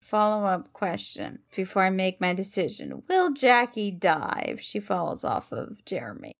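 A woman playing a tabletop game, speaking in a playful, deliberate way. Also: medium pitch, wildly swooping pitch, vocal fry. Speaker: player. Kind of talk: casual tabletop play.

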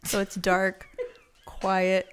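A woman in casual chat, a lively storyteller who laughs often and swears. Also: medium pitch, extremely slow, smooth.

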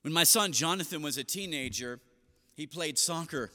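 Man, middle-aged pastor, bright tense voice, fairly high, long hall reverb. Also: moderate pace. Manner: storytelling, animated quoted voices. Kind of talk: seated sermon.

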